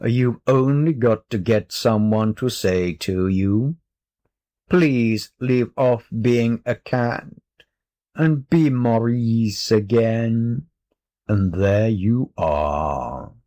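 A man reading the part of a sly, self-satisfied male cat in a storybook, teasing and unhurried. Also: mid-range voice, warm tone. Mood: coaxing. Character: sly, smug male cat in a boy's body.

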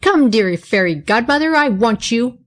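A woman voicing a dreamy, eager little girl with a wistful, excitable manner. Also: fairly high pitch, moderate pace, pitched above the performer's own voice, lightly acted.

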